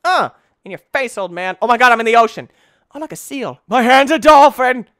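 An excitable man riffs his way through a game in a goofy let's play commentary, talking straight to the screen and breaking into shouts. His voice is bright and sharp and swings widely in pitch. The sound is close and dry, with no room around it. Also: a little fast, smooth, no echo.

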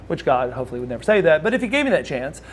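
A racing, higher-pitched voice belongs to an ex-wrestler in his forties telling stories in a casual shoot interview. He animatedly performs the voices of those he quotes, and the recording carries a little hiss or hum.

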